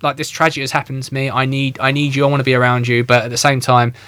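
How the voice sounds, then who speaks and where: A man's voice: mid-range voice, quick pace, clean tone, no room sound. A man hosting a film podcast in a radio studio, chatting animatedly about a film and acting out his own reactions. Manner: animated, swearing, acts out reactions. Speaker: podcast host. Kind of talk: casual film review chat. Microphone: studio microphone.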